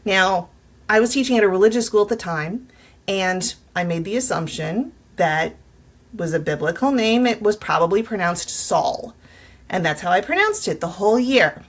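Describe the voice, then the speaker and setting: A woman's voice: medium pitch, lively intonation, normal speed. A middle school teacher, a woman, talking in an upbeat, encouraging way straight to fellow teachers in an advice vlog.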